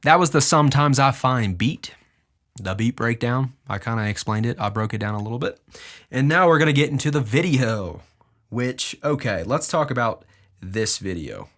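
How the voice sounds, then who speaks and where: A young man hosting a podcast, casually explaining his music and deliberately moving his pitch up and down as he talks. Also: animated, fairly bright tone. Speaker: podcast host and music producer.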